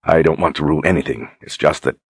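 An earnest young lord who talks plainly and humbly, as the narrator reads him. The voice is very deep and husky, close to the mic in a dry, dead space. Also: male voice, fairly even intonation, fast talker, no echo, heavily acted. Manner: earnest and apologetic.

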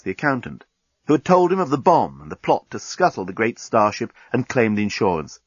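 A man narrating a comic science fiction story in a wry, measured way. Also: medium pitch, no room sound, muffled recording. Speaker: audiobook narrator. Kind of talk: scripted narration.

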